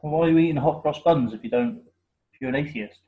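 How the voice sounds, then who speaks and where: A man's voice: a little high, fast talker, warm tone, low-quality recording. A man with a West Country English accent, co-hosting a casual podcast chat, teasing and laughing often. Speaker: podcast co-host.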